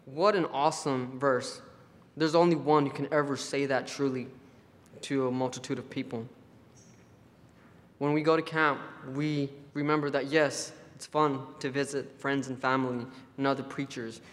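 A man's voice: medium pitch, steady tone, normal speed. A man giving a conversational sermon at a church camp, telling affectionate stories before turning to scripture. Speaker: preacher. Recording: long hall reverb.

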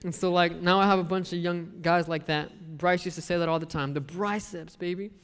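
A man preaching a sermon, telling personal stories in a lively way and acting out the voices of the people in them. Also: a little high, fairly quick, clean tone. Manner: lively storyteller who acts out the people he quotes. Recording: long echo of a large hall.

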